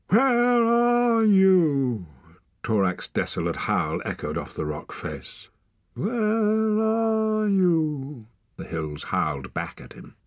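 A man narrating an audiobook in a dramatic, expressive way, sometimes dropping to a hush. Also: rumbling low, breathy edge, no echo, studio quality. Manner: dramatic, expressive, hushed at times.

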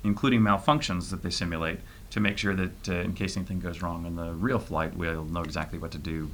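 A middle-aged man answering interview questions in a halting way, full of fillers and restarts. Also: sits low, steady tone, a little hiss or hum. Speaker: interview guest, private spaceflight trainee.

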